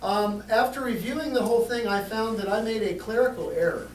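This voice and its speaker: A man's voice: high-pitched, a little fast. A man hosting an organ concert, teasing the audience with goofy, corny jokes. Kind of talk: joking concert patter. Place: organ showroom hall. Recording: roomy, distant, faint room noise.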